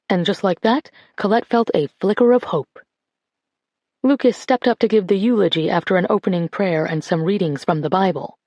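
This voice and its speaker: A woman narrating an audiobook in a calm, even voice on a close studio mic. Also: medium pitch, moderate pace, no room sound.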